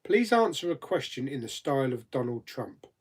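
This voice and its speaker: A man's voice: medium pitch, big pitch swings, normal speed, slightly rough. A man hosting a live chat stream, casually reading out viewer questions and answering them with frequent laughs. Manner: chatty, laughs often, reads viewer comments aloud.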